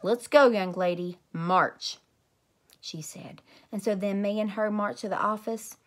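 A woman teacher reading a children's chapter book aloud at bedtime, lively and expressive. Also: medium pitch. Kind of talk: bedtime story read-aloud.

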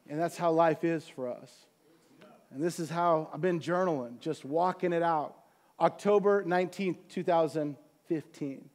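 A man's voice: on the high side, measured pace. A middle-aged man preaching to his congregation, talking casually and asking them questions along the way. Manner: conversational, animated preaching with asides to the congregation. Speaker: pastor. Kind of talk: sermon.

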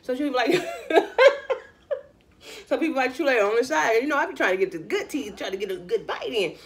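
Quick-paced and animated, her voice sits on the high side as she hosts a mukbang from Louisiana. Her talk is casual, chatty eating-show banter, peppered with y'all and bites of food between lines.

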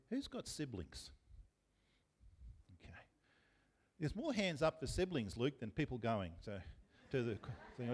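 A man with an Australian accent preaching a sermon as pastor, talking conversationally and putting questions to the congregation. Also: medium pitch. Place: church.

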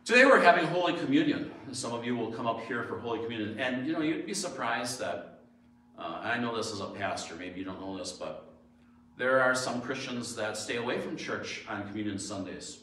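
A man's voice: medium pitch, lively intonation, fairly quick, pushed and bright, slight background noise. A male pastor delivering a sermon in a church sanctuary, shifting between homely storytelling and emphatic rhetorical questions. His voice sits in an ordinary middle register. Heavy church echo and a distant mic give it a roomy, far-off sound with faint ambience behind.

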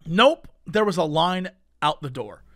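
A man co-hosting a podcast, telling a story in casual chat with animated swings between loud bursts and mumbled asides. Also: fairly high pitch, unhurried, no echo, studio quality. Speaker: podcast co-host.

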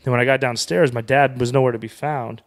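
A man's voice: medium pitch, steady tone, quick pace. A man who is a comedian, a guest on a podcast, telling a story in a casual and profane way.

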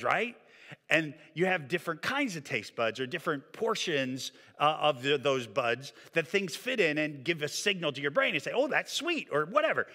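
Male pastor preaching in a church hall. Bright, lively voice with long hall reverb. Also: on the high side. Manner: animated preaching, drops to quiet emphasis. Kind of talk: sermon. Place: church sanctuary.

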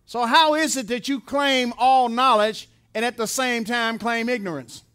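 A man preaching in a church with a strikingly high voice. He drives his points home through repetition and rhetorical questions, then drops low and slow for emphasis. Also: fairly even intonation, pushed and bright, smooth. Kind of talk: sermon. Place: church sanctuary.

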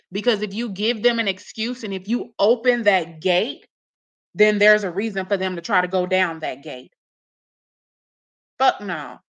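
A woman delivers reaction commentary with a bright, forceful edge. She is blunt and scolding, swears heavily, and sits at an everyday middle pitch. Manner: mocks others in put-on voices.

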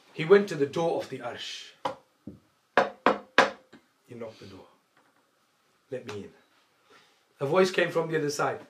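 Animated male religious teacher, echoey room. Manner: acts out quoted dialogue with sudden loud, high outbursts. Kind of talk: storytelling religious lecture.

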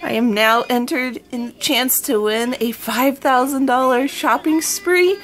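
A woman vlogging to her viewers, giddy and squealing with excitement. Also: high-pitched, unhurried. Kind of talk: excited casual vlog chat.

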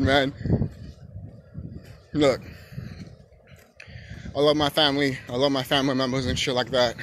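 A man ranting on his own channel in a loose, profane monologue. His voice keeps swinging into emphatic shouting. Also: a little high, fairly even intonation, moderate pace, long pauses, a little hiss or hum. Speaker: YouTube channel host.

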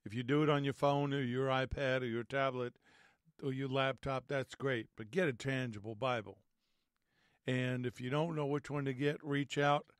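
Male host-teacher, slightly raspy from allergies, measured and earnest, dry close recording. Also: mid-range voice, fairly even intonation, dry recording. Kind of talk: prayer and Bible teaching.

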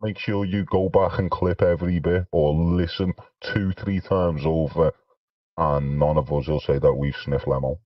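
A man's voice: very deep voice, flat delivery, moderate pace, no echo, recorded from a distance, muffled recording. A man mocking and taunting another guest on a livestream panel.

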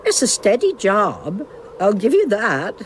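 A woman with a mid-range voice and wildly swooping pitch plays a cheerful, bawdy old village witch and mother in a cartoon, teasing and gossiping with a chuckle. Her pace is measured, and there's slight background noise.

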